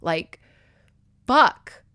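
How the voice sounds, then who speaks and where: A woman voicing a big, rough, hot-headed man full of self-pity as she retells a romance novel. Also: lowish voice, level tone, a little slow, dry recording. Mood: despairing.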